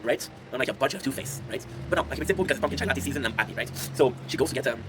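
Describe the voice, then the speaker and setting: A man in his twenties chats to his viewers and tells rambling, laugh-filled stories at breakneck speed. His voice sits at an ordinary middle pitch. Steady background noise with vehicle sounds runs under him. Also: very fast. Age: 20s. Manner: chatty, laughs often, addresses viewers directly. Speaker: content creator streaming to chat. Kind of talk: casual rambling storytelling.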